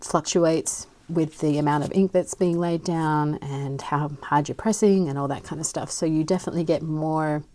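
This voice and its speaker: An Australian woman chatting casually and rambling as she swatches inks, with soft murmured asides. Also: sits low, fairly even intonation, moderate pace, few pauses. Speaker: fountain pen ink vlogger.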